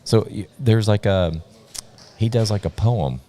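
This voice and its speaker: A man's voice: lowish voice, measured pace, dark tone. A man commentating a live sports stream in casual banter, rambling and joking with frequent laughs. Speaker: livestream commentator.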